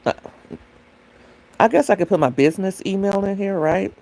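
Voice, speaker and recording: Woman livestream host, mellow tone, chatty and rambling, talking to her chat through a phone. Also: mid-range voice, moderate pace. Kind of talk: casual livestream chat with viewers.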